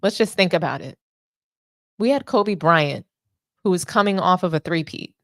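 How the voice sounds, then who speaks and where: Woman sports host, sarcastic and indignant, lowish voice, dry close mic. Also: animated, normal speed, fairly bright tone, dry recording. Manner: indignant, sarcastic rhetorical questions. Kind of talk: opinionated sports commentary.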